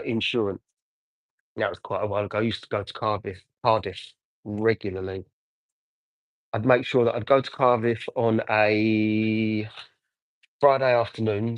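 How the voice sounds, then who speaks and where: An Englishman in his forties live-streams himself detailing a car, chatting casually, rambling, and answering viewer comments. His voice is lowish, and the low-quality recording has no echo.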